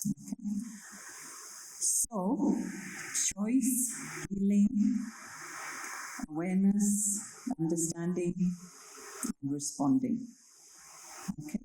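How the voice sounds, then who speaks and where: Woman from kenya doing a slow spiritual talk, lowish mellow voice, echoey hall. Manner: slow, reflective, checks in with listeners. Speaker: meditation speaker. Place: library hall.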